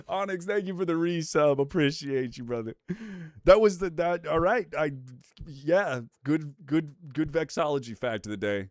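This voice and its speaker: A man's voice: on the high side, expressive, normal speed, dry recording, clean studio sound. A young man streaming live, bantering with chat in a joking, profane way.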